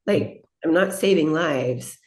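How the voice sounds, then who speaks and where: A woman's voice: deep voice, slow. A woman, an aesthetic nurse, speaking as a podcast guest and telling reflective, heartfelt stories about her patients. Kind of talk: podcast interview.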